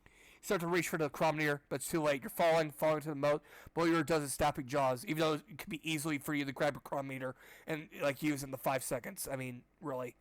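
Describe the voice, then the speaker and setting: A man's voice: fairly high pitch, fairly even intonation, fast talker, dry recording. Sarcastic man reading aloud, dry sound. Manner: sarcastic, swearing asides. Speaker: audiobook club reader. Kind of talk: casual read-aloud with commentary.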